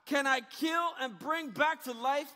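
Man preaching a sermon, very high voice, bright tone, casual slang, shouted peaks. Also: unhurried. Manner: retells scripture in casual slang, rises to shouting. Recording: reverberant hall.

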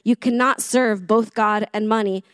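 A woman's voice: mid-range voice, steady tone, measured pace, a bit bright, clean tone, no room sound. A woman who teaches English giving a chatty, conversational sermon, often asking the listeners questions and poking fun at herself. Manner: chatty, self-deprecating, asks the room questions.

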